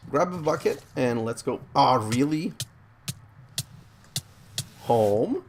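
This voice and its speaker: A man narrates his let's play game commentary in a rambling, self-deprecating way, often exasperated by glitches and setbacks. His middling-pitched voice has a gravelly edge and a little mellowness, with lively intonation, a slow pace, and long pauses. Faint keyboard clicks and typing sound in the background, along with a little hiss or hum.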